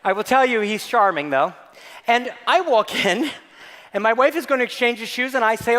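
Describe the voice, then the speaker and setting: A man giving a keynote talk to staff, telling a comic story in an animated, playful, mock-outraged way. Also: high voice, moderate pace. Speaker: keynote speaker. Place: large hall. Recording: long reverb of a large hall.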